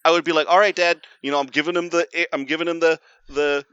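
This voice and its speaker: Profane, animated man telling a story. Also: on the high side, fast, smooth, no echo, lo-fi sound. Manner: profane, animated, mimics his dad in quotes. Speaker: podcast co-host. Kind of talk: casual storytelling chat.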